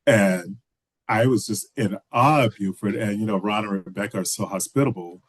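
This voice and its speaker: A man's voice: fairly low pitch, normal speed, breathy edge, no echo. A man, a filmmaker guest from Texas, telling stories in a casual video call interview with many restarts and "you know"s.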